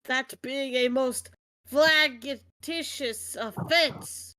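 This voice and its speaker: A woman voicing a stern elderly male judge in a fan voice-acted game stream, with formal, solemn, drawn-out pronouncements. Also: high voice, sharp tone, exaggerated voice, low-quality recording. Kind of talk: amateur voice acting on a stream.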